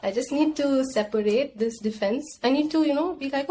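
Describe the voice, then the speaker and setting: This young woman, a podcast guest, talks things through casually and reflectively, acting out her own inner voice. She speaks a little fast in a high, warm voice with a slight hiss or hum.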